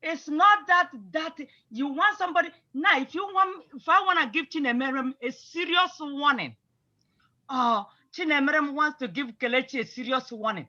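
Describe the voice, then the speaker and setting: A woman's voice: high voice, moderate pace, sharp tone, muffled recording. A woman teaching an online Igbo class, patiently explaining grammar and mixing English with Igbo example phrases.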